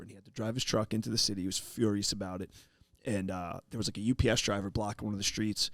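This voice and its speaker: Man, low voice, easygoing storyteller, dry close mic. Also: steady tone, fast, few pauses, fairly bright tone, no echo. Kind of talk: casual storytelling chat.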